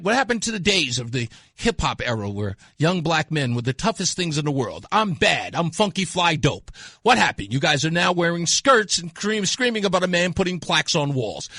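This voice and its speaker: Mocking, lively male talk radio host. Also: fairly high pitch, breathy edge, dry recording, studio quality. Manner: mocking, scornful, laughs at callers. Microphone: studio mic.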